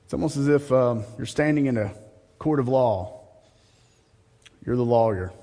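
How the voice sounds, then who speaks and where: A man preaching a sermon as a pastor, reading scripture and rising to a high, mocking voice when he turns sarcastic. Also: normal speed, warm tone, in a large hall.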